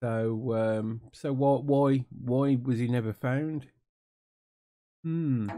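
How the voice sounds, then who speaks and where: A man's voice: mid-range voice, fairly even intonation, slow pace, dark tone. A British man giving casual, sarcastic commentary on an interview, dry and mocking, with many fillers. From United Kingdom.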